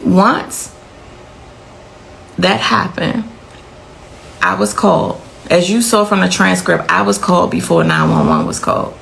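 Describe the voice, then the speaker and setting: A middle-aged woman speaks with a heavily gravelly, creaky voice that swings widely in pitch. She talks intensely, repeating key phrases for emphasis as she recounts her own story. A faint noise floor sits behind her. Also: lively intonation, measured pace, long pauses, fairly bright tone, low-quality recording. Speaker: mother of a victim. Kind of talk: emotional personal account.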